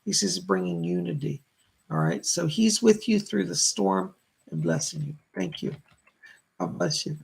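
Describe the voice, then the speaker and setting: A man's voice: high-pitched, a little slow, gravelly, slightly rough. A man hosting live-streamed psychic readings, relaying messages from spirits and thanking viewers for their donations. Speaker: psychic medium host.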